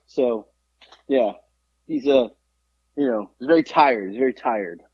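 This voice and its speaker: Swearing freely and acting out quotes, a man in his forties spins animated stories as a podcast co-host. He speaks at medium pitch and normal speed with long pauses and a breathy edge; the audio has no room sound and its highs are cut off.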